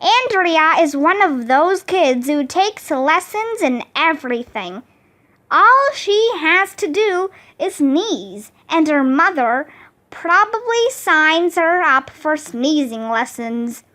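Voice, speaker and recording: A woman reading a children's chapter book aloud with an expressive, animated delivery. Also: high-pitched, slow. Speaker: storybook reader. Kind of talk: children's storybook read-aloud.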